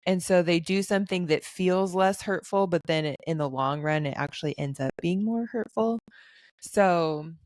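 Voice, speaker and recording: A woman's voice: deep voice, a little mellow, dry recording, clean studio sound. A young adult woman hosting a podcast, chatting casually with friends, often laughing and trailing off into asides. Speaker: podcast host.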